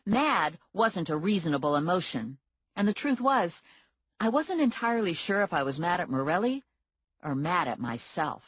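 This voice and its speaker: A woman with a low, husky voice reads first-person fiction with wry, expressive timing. Her pitch swings widely, and the recording is dry and slightly muffled. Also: normal speed, no echo. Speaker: audiobook narrator. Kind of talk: scripted first-person narration.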